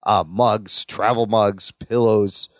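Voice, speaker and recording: A man's voice: fairly low pitch, slow, dry recording, studio quality. A man co-hosting a podcast, casually recapping a sitcom episode and acting out the characters' lines. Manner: animated, acts out characters' lines in quotes. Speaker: podcast co-host.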